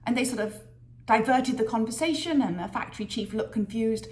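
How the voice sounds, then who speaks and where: A woman vlogging a workplace story, lively and acting out the voices of people she quotes. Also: fairly high pitch, brisk. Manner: lively storyteller who acts out quoted dialogue. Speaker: business leader sharing a career story. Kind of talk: storytelling vlog.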